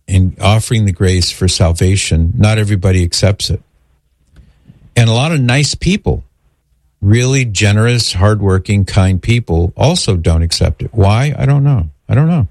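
Low-voiced man explaining earnestly. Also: moderate pace, darkish tone, dry recording, studio quality. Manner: earnest, explanatory, cites scripture. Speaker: host answering a caller's faith question. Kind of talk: call-in religious Q&A.

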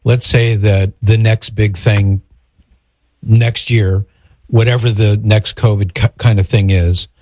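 Low-voiced man hosting call-in radio. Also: steady tone, dark tone, no echo. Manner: earnest, halting questions with restarts.

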